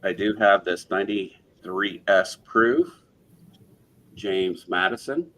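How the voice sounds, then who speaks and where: A man hosting a live coin auction stream, calling bids in a brisk auctioneer patter. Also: low-pitched, a bit bright. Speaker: auctioneer host.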